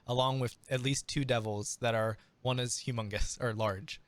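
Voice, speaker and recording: A man narrating as game master, halting and full of fillers. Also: medium pitch, fairly even intonation.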